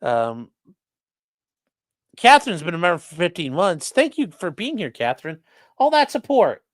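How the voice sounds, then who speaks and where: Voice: mid-range voice, big pitch swings, normal speed, dry recording, clean studio sound. A defense attorney hosting a casual livestream, reading viewer chat aloud and answering in a blunt, profane way.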